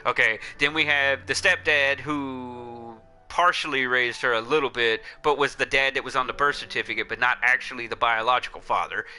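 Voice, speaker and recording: A man's voice: mid-range voice, fairly even intonation, normal speed, hardly any pauses, sharp tone, clean tone. A livestream host chatting casually, blunt and profane as he tells a rambling story. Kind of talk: casual chat.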